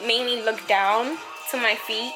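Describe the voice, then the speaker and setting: A young woman vlogging about her anxiety, halting and emotional, with many fillers and pauses. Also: fairly high pitch, fairly even intonation, over music. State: anxious and upset. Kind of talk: personal vlog confession. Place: outdoors on a city street. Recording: loud street and traffic noise.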